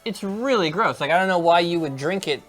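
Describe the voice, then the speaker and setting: A man's voice: sits high, expressive, fairly quick, a bit bright. A man playing a game on stream, chatting casually with blunt, dry remarks. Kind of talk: casual chat over gameplay. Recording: faint game music behind.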